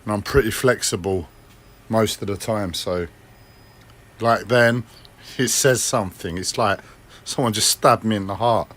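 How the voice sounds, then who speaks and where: A man speaking alone on a personal livestream vlog. He rambles, criticises himself, swears often, and keeps clearing his throat and coughing. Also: lowish voice, measured pace, long pauses, fairly bright tone.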